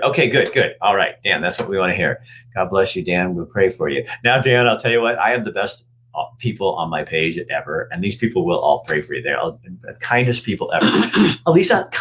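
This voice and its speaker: A man with a husky, fairly low voice hosts a relaxed online conversation. He tells stories in a chatty, animated way. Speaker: host. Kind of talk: casual live chat.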